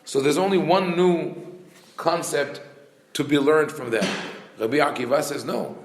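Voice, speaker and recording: A man's voice: a little high, normal speed, reverberant, slight background noise. A man, a rabbi, teaching a Torah class with rhetorical questions and frequent restarts.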